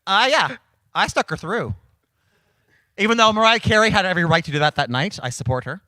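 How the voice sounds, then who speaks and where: Animated man telling stories with voices. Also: high-pitched, fairly quick, dry recording. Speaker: guest, karaoke host and cabaret producer. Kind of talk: casual storytelling chat.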